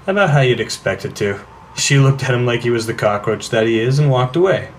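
A man's voice: mid-range voice, lively intonation, brisk, a little hiss or hum, natural voice. An actor playing an awkward, moody teenage boy who talks in a glum, self-conscious way.

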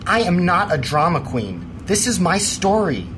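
An actor playing a bitter, sarcastic former paranormal field agent, talking with resentment in an audio drama. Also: male voice, sits high, sing-song, a little slow, background noise. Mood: rueful storytelling. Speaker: lead character.

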